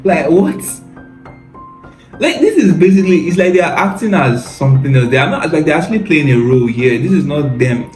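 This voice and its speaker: A man's voice: medium pitch, darkish tone. Guy ranting casually on his channel, mocking and fed up, laughs a lot, echoey room, bit of music behind. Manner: mocking, exasperated, laughs often, says "bro". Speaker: commentary video host. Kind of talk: casual reaction commentary.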